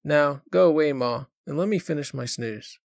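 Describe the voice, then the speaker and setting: A man voicing a sickly teenage boy who talks in a calm, flat, passionless way. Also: medium pitch, normal speed, dry recording, studio quality, close to an everyday voice. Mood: calm detached.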